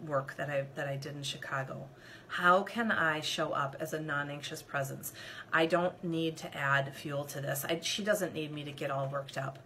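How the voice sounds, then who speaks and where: A woman coach telling a personal story straight to her viewers, animated and expressive, speaking to them directly. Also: deep voice, slight background noise. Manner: addresses viewers directly as "you guys". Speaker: leadership coach. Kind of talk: personal story told to camera.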